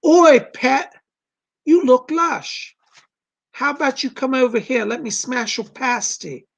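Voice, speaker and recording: A man's voice: extremely high pitch, animated, slow, vocal fry, pitched above the performer's own voice, full character voice. Man doing a flirty Geordie bloke in a pub. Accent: attempted Geordie. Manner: hammy, joking impression.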